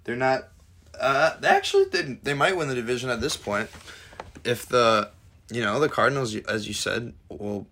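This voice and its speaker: A young man co-hosting a casual sports podcast, his voice at an ordinary middle pitch for a man. He rambles and restarts his sentences often as he thinks aloud. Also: sing-song, sharp tone, slight background noise. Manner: rambling, halting, many restarts. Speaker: podcast co-host.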